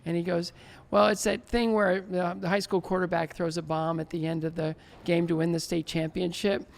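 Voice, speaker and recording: Brief: man, 60s, gravelly voice, lively interview storyteller who acts out the dialogue. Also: high voice, normal speed. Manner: animated, laughs often, acts out remembered dialogue. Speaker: guest, former Olympic figure skater.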